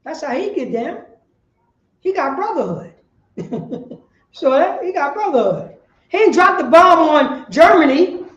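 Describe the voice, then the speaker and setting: A woman preaching on the street, firing rhetorical questions and bursting into shouts. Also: sits high, very animated, unhurried, pauses often, roomy sound, low-quality recording.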